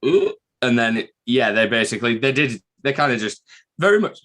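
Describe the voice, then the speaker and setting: Guy co-hosting a podcast stream, swears a lot, rambly stories, middle pitch. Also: fairly quick, bright, forceful tone. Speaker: podcast co-host. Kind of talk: casual live-stream chat.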